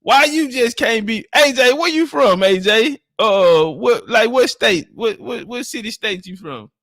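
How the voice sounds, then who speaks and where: A man's voice: very high voice, animated, unhurried, fairly bright tone, dry recording, clean studio sound. A man from Texas, hosting a livestream and bantering with viewers in a joking, boastful, profane way. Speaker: livestream host. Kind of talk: casual livestream chat with viewers.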